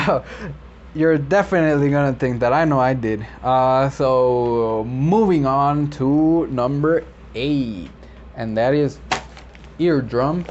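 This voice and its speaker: A man who works as a medical interpreter, explaining vocabulary in a relaxed, rambling way with many fillers and self-corrections. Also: mid-range voice, slow. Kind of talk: casual explainer video. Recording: slightly dull lo-fi audio with faint background noise.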